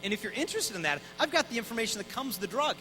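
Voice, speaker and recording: A man in his thirties giving an energetic, conversational talk at a conference, acting out voices in his stories. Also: very high-pitched, rapid-fire, noisy background. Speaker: Catholic speaker. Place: conference hall.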